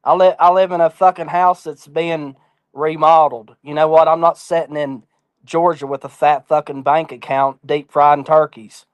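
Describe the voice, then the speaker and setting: A man's voice: a little high, steady tone, moderate pace, clear, resonant tone, dry recording. A man talking as an interview guest in a casual chat, blunt, defiant and full of swearing.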